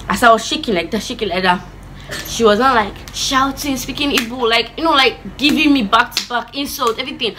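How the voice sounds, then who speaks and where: Animated young Nigerian woman telling a story. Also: a little high, fast, slight background noise. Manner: animated, dramatic retelling mixing in pidgin words. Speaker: vlogger. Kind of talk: storytime vlog.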